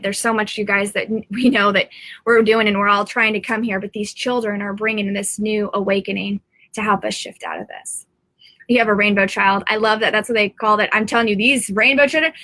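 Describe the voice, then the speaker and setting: A woman's voice: mid-range voice, pushed and bright, dry recording. A middle-aged woman, a psychic medium, talking to viewers from home in a rambling, earnest live-stream monologue.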